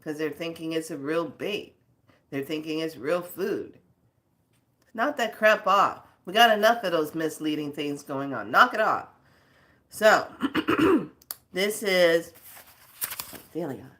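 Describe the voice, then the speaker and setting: A woman's voice: low voice, lively intonation, slow, long pauses, a bit bright. A woman hosting a spiritual video channel, scolding her viewers in casual talk, rambling off on tangents and laughing between stories.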